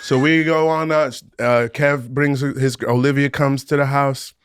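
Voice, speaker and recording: Animated man retelling scenes. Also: mid-range voice, unhurried, smooth, no room sound. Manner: animated storytelling, often laughing. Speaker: podcast co-host and actor looking back on his show. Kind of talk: casual rewatch podcast chat.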